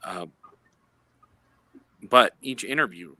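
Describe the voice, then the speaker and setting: A man's voice: mid-range voice, expressive, slow pace, pushed and bright, dry recording. A man in law enforcement speaking as a guest in a live chat over a phone, earnest and explanatory, often searching for words.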